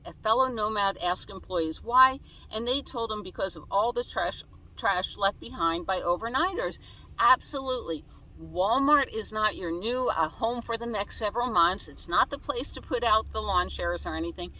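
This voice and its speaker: A woman's voice: mid-range voice, sharp tone, poor audio. A woman vlogger chatting casually inside her van, reading viewer comments aloud and answering each one. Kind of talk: casual chat.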